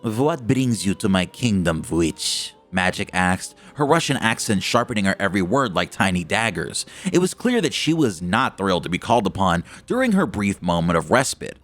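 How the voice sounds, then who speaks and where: A man narrating a fantasy story dramatically, with expressive delivery. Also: low-pitched, a little fast, hardly any pauses. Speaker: lore narrator. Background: faint music.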